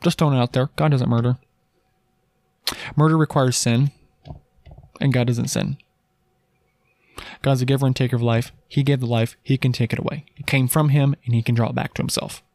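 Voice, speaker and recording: A man's voice: medium pitch, steady tone, brisk, pauses often, darkish tone, no echo. A man hosting a podcast, giving a casual Christian teaching talk in an earnest, emphatic way, with many rhetorical questions and restarts. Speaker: podcast host.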